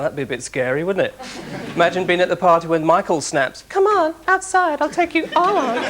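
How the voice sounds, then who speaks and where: A man's voice: a little high, a bit bright, slight background noise. Chatty male stand-up comedian. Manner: chatty, quips, asides to audience. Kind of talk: stand-up routine to a live audience.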